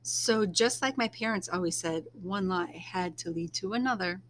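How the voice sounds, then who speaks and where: A woman reading a first-person novel aloud in a soft, unhurried storytelling manner, now and then dropping to a hush. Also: on the low side, slight background noise. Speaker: reader.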